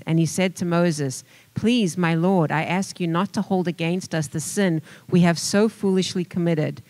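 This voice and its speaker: A congregant with a South African accent reading a scripture passage aloud to the group, steady and careful. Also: mid-range voice, no room sound, rough recording. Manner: steady, careful reading with small self-corrections.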